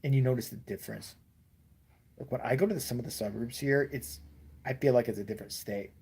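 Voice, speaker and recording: A man's voice: mid-range voice, fast, creaky, a little mellow, slightly rough. A man from Chicago in a profane, ranting comedic chat, full of slang. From Chicago, USA.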